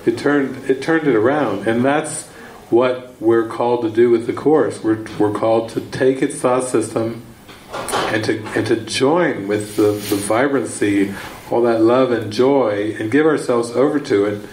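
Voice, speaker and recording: A man's voice: medium pitch, unhurried, roomy sound, a little hiss or hum, poor audio. Man telling a story at a retreat. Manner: rambling, repeating words, breaks into excited shouted quotes. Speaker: spiritual teacher. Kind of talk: retreat teaching talk, storytelling. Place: retreat session room.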